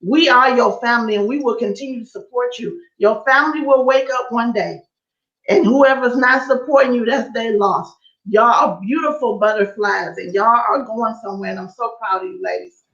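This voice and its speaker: A woman's voice: a little high, normal speed, a bit bright, dull audio. A woman guest on a live-stream talk show, speaking in an encouraging, preachy way over a video call. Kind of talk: casual live-stream chat.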